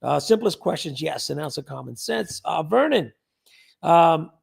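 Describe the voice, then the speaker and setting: A man with a high voice and a gravelly, creaky texture hosts a relaxed livestream. He chats loosely and reads out viewers' names as he goes. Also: unhurried. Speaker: livestream host. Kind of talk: casual livestream chat.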